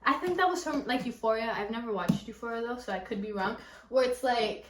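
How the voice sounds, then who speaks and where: A woman's voice: a little high, fairly quick, a crowd in the background. A young woman with a Californian accent, chatting casually about a book she just finished, rambling and gushing with lots of fillers. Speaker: book vlogger. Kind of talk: casual book review chat. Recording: echoey room, a little far from the mic.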